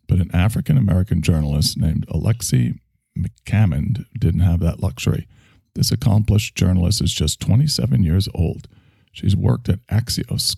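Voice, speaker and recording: Gravelly New York podcast host, mocking. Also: male voice, no room sound, clean studio sound. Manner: mocking, deadpan asides and sudden shouty pitch jumps. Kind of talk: sarcastic solo podcast commentary.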